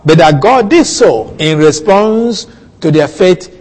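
A man preaching a sermon, teaching slowly through a Bible passage with soft chuckles and questions to his listeners. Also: high voice, expressive, in a large hall.

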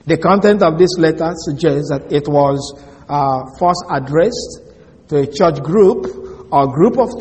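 A man giving a slow, deliberate Bible lesson as a preacher, repeating and spelling out key words. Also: a little high, darkish tone. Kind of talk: expository Bible teaching. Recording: long reverb of a large hall.

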